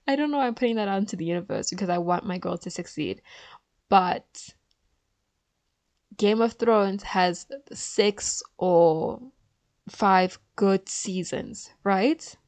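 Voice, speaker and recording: A woman talks to her viewers in a loose, opinionated chat, often pausing for fillers as she thinks. Her voice sits at an ordinary middle pitch. The sound is dry and close, with no room echo. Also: darkish tone. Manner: chatty and opinionated, with frequent fillers. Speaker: vlogger. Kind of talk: casual chat.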